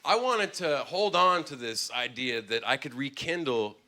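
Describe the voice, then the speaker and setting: A man doing a stand-up routine on a club stage, telling a story with swings from low mumbles to loud bursts. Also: animated, unhurried, slight background noise. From Canada. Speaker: stand-up comedian. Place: comedy club stage with laughing audience.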